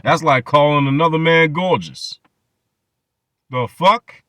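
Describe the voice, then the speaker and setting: A man's voice: fairly high pitch, takes it slowly, sharp tone, no echo, studio quality. A man hosting his channel, ranting in profane reaction commentary and mocking people with repeated phrases. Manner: mocking, profane rants with many repetitions. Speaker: channel host.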